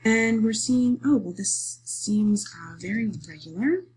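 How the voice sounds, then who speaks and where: A woman teacher walking students through a lesson, patient and explanatory, checking in often with "okay?" and pausing on fillers. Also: medium pitch, animated, a little mellow, breathy edge, low-quality recording. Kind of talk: screen-recorded lesson walkthrough.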